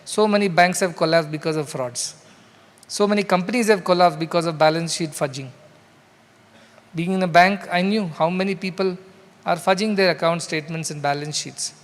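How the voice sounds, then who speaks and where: A man's voice: sits high, moderate pace. A man with an Indian English accent gives a spiritual discourse in a large hall, explaining scripture loosely and conversationally through a story. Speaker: spiritual speaker. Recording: long hall reverb.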